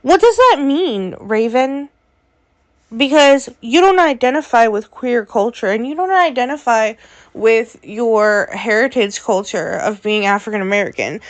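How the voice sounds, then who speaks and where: A woman's voice: fairly high pitch, animated, measured pace. A woman vlogger giving opinionated commentary, sassy and exasperated, speaking straight at the person she criticizes. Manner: sassy, exasperated, addresses her subject directly.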